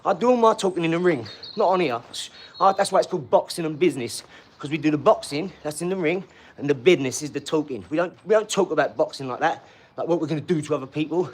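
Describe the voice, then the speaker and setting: A man, ranting on a live stream, loud, mocking and swaggering, full of street slang. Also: on the high side, quick pace. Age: 40s. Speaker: livestream host. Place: garage.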